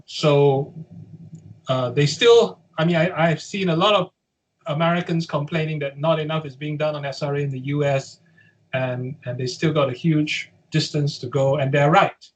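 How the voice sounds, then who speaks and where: A man from the UK, a guest on an interview, speaking in a measured way and hedging with qualifiers and fillers. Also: on the high side, fairly even intonation, low-quality recording. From United Kingdom. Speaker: guest, head of a survivor support group.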